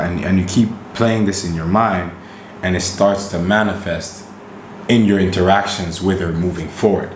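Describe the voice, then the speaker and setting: A man co-hosting a podcast in casual chat, animated and emphatic, often checking in with "right?". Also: low voice, moderate pace, slight background noise. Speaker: podcast co-host. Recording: roomy recording.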